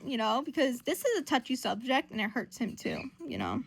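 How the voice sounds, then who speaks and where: A woman recapping a comic in casual chat, profane, giggly and animated. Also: fairly high pitch, brisk, hardly any pauses, dry recording. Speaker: comic book reviewer.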